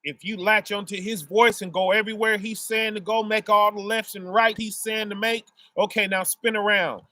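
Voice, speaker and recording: A man with a fairly high voice delivers a loose, conversational sermon, stopping after almost every phrase to check "right?" with his listeners. He explains his points through homely family examples. The sound is dry and close. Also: flat delivery, normal speed, few pauses, pushed and bright, no echo. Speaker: preacher. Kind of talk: casual street sermon.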